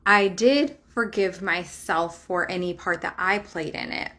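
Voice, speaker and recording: A woman's voice: fairly low pitch, unhurried, hardly any pauses, sharp tone. A woman in her thirties, a spiritual life coach talking to camera in a chatty, emphatic way, swearing casually and laughing often.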